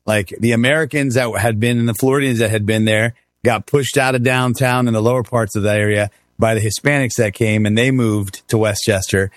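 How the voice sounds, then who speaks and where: A man's voice: medium pitch, dry recording, clean studio sound. A middle-aged man from Miami who grew up in Texas, telling stories as a guest in a casual conversation, often laughing. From Miami, raised in Texas. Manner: animated, laughing storyteller.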